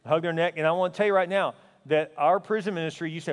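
A pastor preaching a sermon, his voice riding high for a man, earnest and emphatic. He drops at times to a hushed intensity. The sound rings with the long reverb of a big sanctuary. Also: animated, very fast, hardly any pauses.

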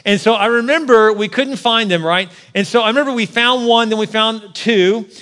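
A man in his forties preaching a sermon with personal stories, animated, joking with the congregation and rising to near shouts at his peaks. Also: sits high, normal speed. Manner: jokes with the congregation. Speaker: pastor.

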